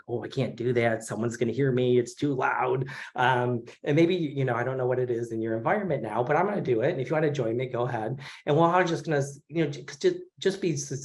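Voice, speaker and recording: A man in his forties leads an online class on healing the inner child. His speech is loose and friendly, full of pauses and fillers. His voice sits at a middle pitch and comes through a video call. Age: 40s. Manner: relaxed and conversational, with many fillers. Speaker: craniosacral therapy instructor. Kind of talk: casual online lecture.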